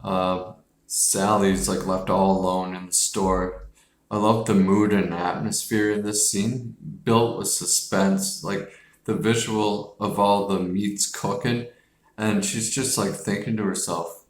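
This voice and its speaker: Slow, rambling, low-voiced man reviewing films. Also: flat delivery, roomy sound. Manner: rambling, profane, heavy use of "like". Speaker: film reviewer. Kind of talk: casual movie review.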